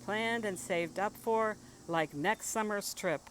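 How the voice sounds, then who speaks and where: A woman's voice: mid-range voice, takes it slowly, slight background noise, poor audio. Woman reading rhythmic spoken-word poetry. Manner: rhythmic, rhyming delivery. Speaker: poet.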